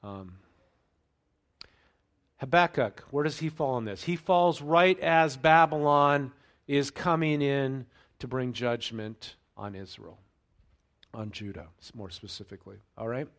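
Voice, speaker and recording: A man preaching a sermon in a conversational way, checking in with the congregation and turning louder and higher when he reads scripture aloud. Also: measured pace. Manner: conversational preaching with frequent fillers and check-ins; raises pitch and volume when reading scripture aloud. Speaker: pastor.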